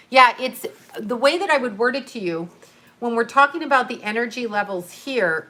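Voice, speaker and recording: A woman hosting a casual livestream, chatting loosely, jumping between topics and reacting to viewer comments, her voice swinging between loud and soft. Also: medium pitch. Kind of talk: casual rambling chat.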